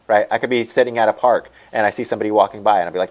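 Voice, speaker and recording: A man's voice: on the low side, fairly even intonation, rapid-fire. A man teaching an online selling lesson over a screen share. He rambles and repeats himself as he talks the viewers through it. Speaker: online store coach.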